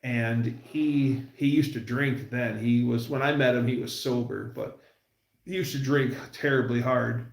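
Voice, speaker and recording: Gravelly rambling man in an echoey room. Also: medium pitch, steady tone. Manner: rambling, storytelling, puts on quick voices for quotes. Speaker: livestream host. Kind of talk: casual rambling chat.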